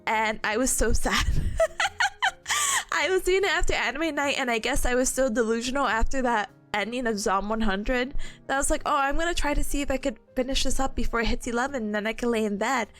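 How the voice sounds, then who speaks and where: A woman's voice: a little high, fairly quick, fairly bright tone, soft background music. A young woman streaming and chatting casually with her viewers, bubbly and giggly, with a lot of laughter and playful complaining.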